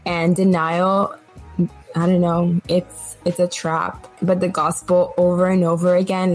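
A woman with a fairly low voice speaks in a flat, even tone, often pausing on fillers as she works out her thoughts. Faint music runs under her talk. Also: poor audio. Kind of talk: casual faith discussion.

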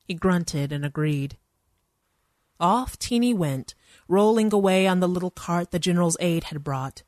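A woman's voice: lowish voice, a little slow, a little mellow, no room sound, clean studio sound. A woman narrating a first-person story in a wry, conversational manner.

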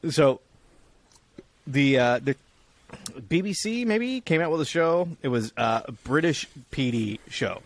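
A man's voice: fairly high pitch, expressive, slow pace, pauses often. A man co-hosting a casual podcast, telling stories in a rambling, profane way and acting out the people in them. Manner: rambling, profane storytelling with acted-out quotes. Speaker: podcast co-host. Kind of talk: casual chat.

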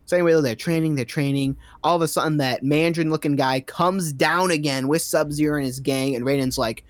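A man's voice: fairly high pitch, steady tone, brisk, no echo. Rambling sarcastic guy recapping a movie. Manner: rambling, sarcastic, lots of fillers. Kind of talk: casual comedic movie recap.

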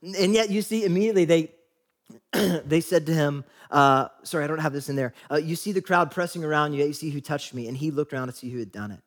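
A pastor giving a sermon in a casual, conversational way, often asking "right?" and acting out quoted lines. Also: male voice, fairly high pitch, fast.

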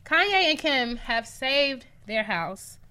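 Female co-host, playful and animated, bright higher voice. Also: slow. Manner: playful, laughs often, animated. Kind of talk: casual pop culture chat.

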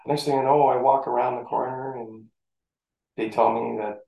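A middle-aged man, a former football player telling animated stories from his playing days in a casual interview. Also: medium pitch, moderate pace, gravelly. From St. Catharines, Ontario, Canada. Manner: animated storyteller who acts out the voices in his story. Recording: echoey room.

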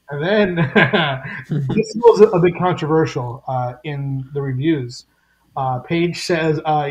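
A man's voice: a little high, slow, muffled recording. A male podcast host walks through a comic panel by panel, slipping into the characters' quoted lines. His voice sits a little above the usual male range. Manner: animated retelling with voiced quotes. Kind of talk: casual chat recapping a comic.

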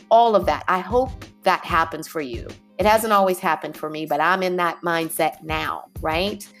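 A woman hosting a motivational podcast, talking in an encouraging, repetitive way and often saying "y'all". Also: on the low side. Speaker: podcast host.

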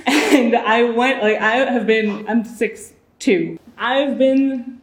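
A woman's voice: fairly high pitch, takes it slowly, echoey room. A woman in her early twenties, a guest in a casual chat, talking freely and acting out the voices she quotes. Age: 20s. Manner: chatty, acts out quoted voices.

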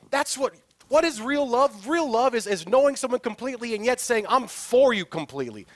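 A man's voice: high-pitched, fairly bright tone, dry recording. A male pastor preaching a sermon in an earnest, emphatic way, asking his listeners rhetorical questions.

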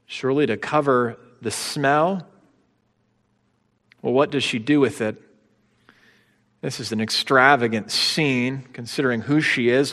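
A man pastor preaching a sermon, swinging between hushed, slow passages and emphatic, rising ones. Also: medium pitch, in a large hall. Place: church sanctuary.

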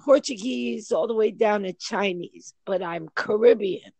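A woman telling family stories in casual chat, animated and lively with acted quotes. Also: medium pitch, measured pace, vocal fry.

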